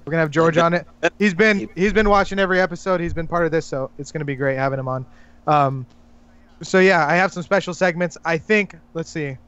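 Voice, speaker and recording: A man's voice: fairly high pitch, fairly quick, fairly bright tone, smooth, dull audio. A man hosting a casual podcast, telling puns and laughing at his own jokes. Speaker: podcast host. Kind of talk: casual chat.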